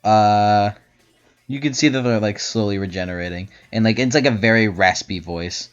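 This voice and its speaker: A man narrating as game master in a tabletop game, talking haltingly with many fillers and restarts. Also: fairly low pitch, clean tone. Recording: dull lo-fi audio with faint music.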